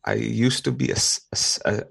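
A man calling in to a podcast, speaking haltingly with many fillers. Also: on the low side, little pitch movement, gravelly, fairly bright tone, slightly rough. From Philippines. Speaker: caller. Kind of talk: casual chat.

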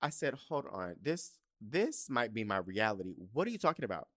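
A man's voice: on the low side, sing-song, normal speed, fairly bright tone, no echo, studio quality. A man hosting a podcast, telling stories in a campy, profane, casual way and acting out his own reactions. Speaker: podcast host. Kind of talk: casual comedic storytelling.

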